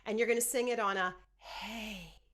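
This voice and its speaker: A woman's voice: mid-range voice, expressive, measured pace, pushed and bright. A woman voice teacher leading a group singing lesson, explaining technique and often checking in with "okay?". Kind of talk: singing lesson with sung demonstrations.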